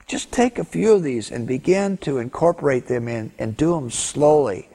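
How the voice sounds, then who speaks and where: A man's voice: medium pitch, animated, normal speed, dark tone, big-room sound. A man teaching a Christian marriage session to husbands, earnest and exhorting, acting out his own thoughts. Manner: earnest, exhorting, quotes himself.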